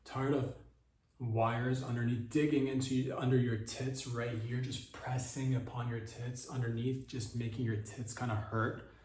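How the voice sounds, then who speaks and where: A man hosting a podcast, riffing through a deadpan comedic monologue that mimics a mock sales pitch. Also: measured pace. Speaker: podcast host. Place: podcast studio. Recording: roomy echo, voice far from the mic.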